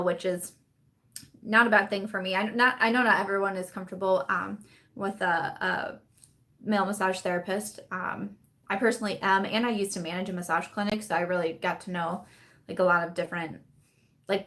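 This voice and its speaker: A woman's voice: medium pitch, a bit bright. Chatty young woman on a live stream. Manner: chatty and rambling, laughs often. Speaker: vlogger hosting a live chat. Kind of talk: casual live-stream chat. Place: at home in the evening.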